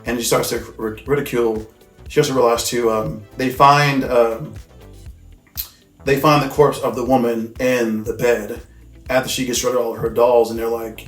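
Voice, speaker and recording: A mid-range male voice with fairly even intonation moves at a normal speed through a loose, profane movie recap. He leans heavily on fillers like "like" and "you know what I mean," and the room sounds echoey, with faint music playing.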